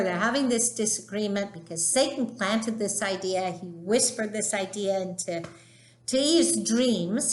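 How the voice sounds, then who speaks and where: A woman's voice: medium pitch, roomy sound. A woman teaching literature in a chatty, emphatic lecture style. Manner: chatty, emphatic, acts out quoted dialogue. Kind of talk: informal lecture.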